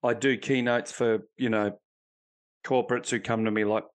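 A high performance coach speaks in a medium-pitched, level voice at normal speed. He's being interviewed on a podcast, talking casually and bluntly and swearing freely as he tells his stories.

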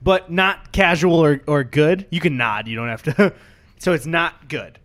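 A young man co-hosting a podcast narrates the action play by play in casual chat, laughing often. His voice is on the high side and a bit bright, and he speaks at a measured pace.

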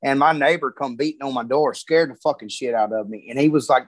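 A man's voice: mid-range voice, a little fast, no room sound, rough recording. A man telling a story in casual, profane talk, full of Southern grammar and heavy cursing.

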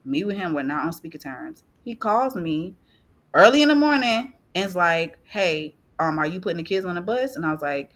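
A woman guest on a podcast, sharing a personal faith testimony in an animated, laughing, tearful storytelling way. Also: low voice, brisk. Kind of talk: testimony in casual chat.

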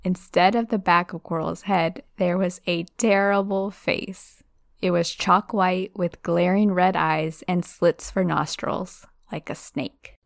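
A woman reading a novel aloud, slowing for the dramatic parts, then chatting casually about it. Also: lowish voice, vocal fry, no room sound, clean studio sound. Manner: expressive, slows down for dramatic moments.

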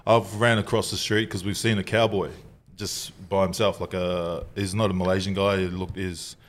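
A man's voice: low-pitched, level tone, moderate pace. A man telling a story on a podcast, laughing, swearing and acting out what others said. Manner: laughing, swearing, acts out quotes. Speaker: podcast co-host. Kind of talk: casual storytelling chat. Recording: faint background noise.

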